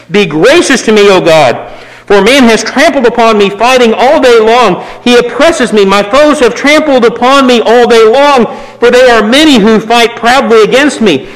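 A man preaching a sermon, swinging from raised emphatic lines to low, quiet asides. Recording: long reverb of a hall.

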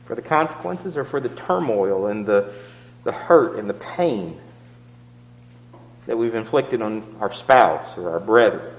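A male preacher telling a story in a sermon, swinging between loud emphatic peaks and hushed low asides. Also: animated, measured pace, big-room sound, lo-fi sound.

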